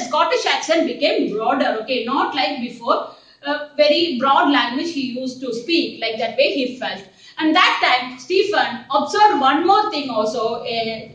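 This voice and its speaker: Woman teacher walking a class through a story, often asking if they understood; high voice, heard from across a roomy space. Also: a bit bright. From India. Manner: repetitive, checks understanding. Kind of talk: explaining a story lesson. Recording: roomy sound from a distant mic.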